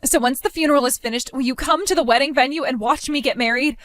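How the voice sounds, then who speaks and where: A woman's voice: high-pitched, fast talker, a bit bright, no echo. A woman voicing a self-centered young bride who whines and pleads in a dramatized story. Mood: demanding. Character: self-absorbed young bride, whiny and entitled.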